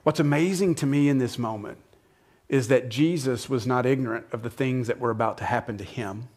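A man's voice: medium pitch, a little fast. Conversational male preacher. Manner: conversational, asks the listeners questions, acts out lines with shifts in loudness. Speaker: pastor. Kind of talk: sermon.

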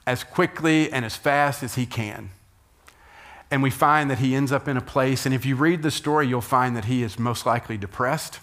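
A man, a pastor, preaching a sermon and telling a scripture story with lively emphasis, rising loud at key moments and dropping to quiet asides. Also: mid-range voice.

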